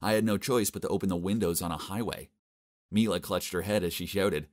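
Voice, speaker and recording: Deep-voiced exasperated male narrator. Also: a little fast, a little mellow. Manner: exasperated, complaining. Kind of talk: scripted narration of an animated story.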